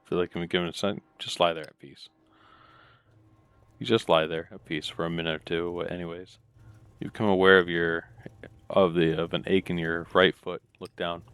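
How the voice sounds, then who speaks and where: Deep-voiced laid-back man reading game text. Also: level tone, moderate pace, a bit bright, clean tone, no room sound. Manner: laid-back, muttering asides between reading. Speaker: let's play gamer. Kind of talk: casual commentary reading game text aloud.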